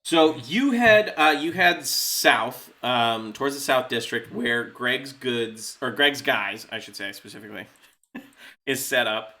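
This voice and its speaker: A man's voice: medium pitch, animated, slow pace, bright, forceful tone. A man running a tabletop role-playing game as game master, chatty and loose, laughing often.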